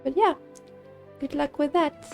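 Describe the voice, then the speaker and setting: A woman chats slowly and unhurriedly as she streams a game, drifting from thought to thought. She thinks aloud, trailing off and restarting her sentences with plenty of ums, while soft game music plays underneath. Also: high voice, creaky. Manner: rambling, thinks aloud with many fillers and restarts. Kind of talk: casual live-stream chat while gaming.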